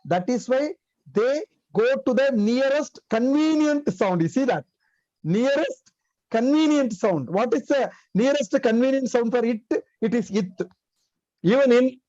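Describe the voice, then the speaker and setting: A man with a very high voice and an Indian English accent gives a spoken English lesson, a Tamil native speaker who keeps repeating key words and asking rhetorical questions. The sound is dry and close, with a dull, muffled quality. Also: darkish tone, no room sound. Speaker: English teacher.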